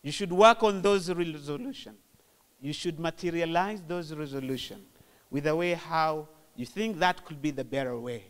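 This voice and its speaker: A man with a Tanzanian accent giving a measured, formal speech to open a conference, repeating his phrases. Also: on the high side, clean tone. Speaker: guest of honour opening a conference.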